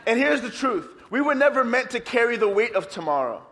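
A man preaching a sermon as pastor, lively and playful with his congregation. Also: very high-pitched, a little fast. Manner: energetic, playful preaching, leads congregation in song.

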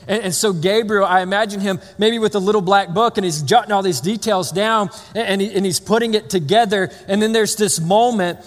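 A man's voice: sits high, fairly quick, few pauses. A man preaching a sermon in a loose, conversational way, full of restarts and playful asides. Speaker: pastor. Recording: long reverb of a large hall.

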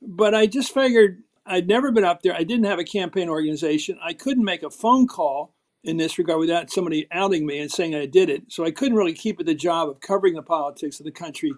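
A man's voice: on the high side, fast. Emphatic older man with a Philadelphia accent. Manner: emphatic, storytelling, acts out quotes. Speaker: guest, former TV political host. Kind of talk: animated interview talk.

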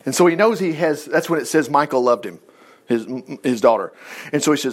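Animated, high-voiced folksy male preacher. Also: brisk. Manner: folksy, animated storytelling with asides. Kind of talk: informal Bible-teaching sermon.

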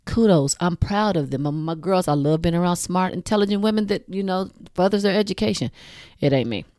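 Woman in her forties, low voice, mellow tone, frank casual host, swears freely, dry close sound. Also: a little fast, no room sound. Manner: frank, blunt, swears freely, addresses listeners directly; laughs at her own jokes. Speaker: podcast host. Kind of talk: casual talk to listeners.

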